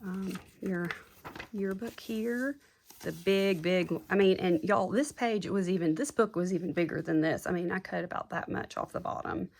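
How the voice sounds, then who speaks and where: A woman's voice: lowish voice, moderate pace, a little mellow. A woman chatting casually and gushing as she shows off handmade journals to her viewers. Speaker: craft seller showing handmade junk journals. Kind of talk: casual show-and-tell chat.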